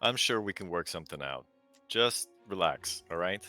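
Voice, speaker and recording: A man playing a smooth-talking male adventurer who reasons calmly and persuasively in a tabletop game. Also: deep voice, normal speed, faint music behind, pitched below the performer's own voice. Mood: soothing.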